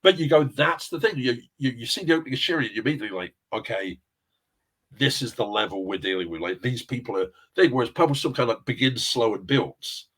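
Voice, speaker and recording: A man's voice: mid-range voice, lively intonation, fast, few pauses, fairly bright tone, breathy edge. A middle-aged man, telling rambling anecdotes as a guest in a casual interview. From England. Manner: rambling anecdotal storyteller, chuckles often. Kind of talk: casual chat.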